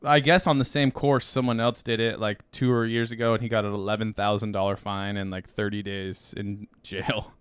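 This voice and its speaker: A man co-hosting a comedy podcast, laid-back and quick to laugh along in casual chat. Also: fairly low pitch, level tone, clean tone, dry recording. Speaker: podcast co-host.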